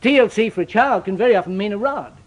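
A man preaching a sermon with an old-fashioned scriptural cadence, swinging from loud emphatic declarations to hushed, solemn asides. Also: high voice, lively intonation, fast talker.

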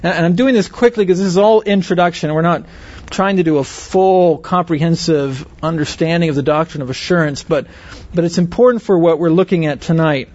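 A man's voice: fairly high pitch, a little fast, darkish tone, muffled recording. A man giving a Bible lesson to a group, stressing key words and often checking whether his listeners agree. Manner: asks the audience questions, stresses words. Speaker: Bible teacher. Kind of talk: teaching sermon.

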